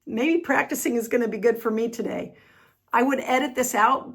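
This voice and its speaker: A woman with an American accent teaching an online English pronunciation lesson, patient and upbeat, demonstrating sounds slowly and repeating them. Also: fairly high pitch. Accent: General American.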